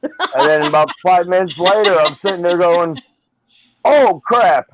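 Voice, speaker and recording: A man's voice: sits high, fairly even intonation, normal speed. A man hosting a casual panel chat, cracking jokes and telling crude stories. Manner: joking, tells crude anecdotes. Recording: dull lo-fi audio.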